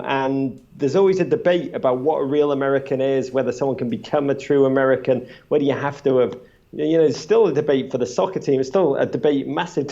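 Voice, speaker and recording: A man's voice: medium pitch, vocal fry, mellow, muffled recording. A man who makes a podcast, telling chatty stories to a live audience, full of restarts and acted-out quotes. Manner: chatty, many restarts, acts out quotes with a raised voice. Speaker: podcast creator on a live panel. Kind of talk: animated storytelling at a live event. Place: small event space before a live audience.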